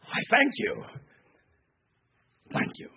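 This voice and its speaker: A male minister giving a sermon, telling a folksy story with animated delivery in a church. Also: slow, muffled recording, a little hiss or hum. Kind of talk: sermon with a joke. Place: church sanctuary.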